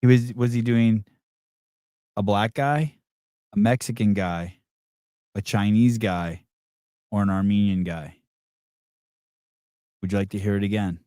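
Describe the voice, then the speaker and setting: A man's voice: lowish voice, a little slow, pauses often, warm tone, clean tone, no room sound, clean studio sound. A man hosting a podcast, teasing and quizzing a guest in casual, profane banter. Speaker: podcast host. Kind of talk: casual live-show banter.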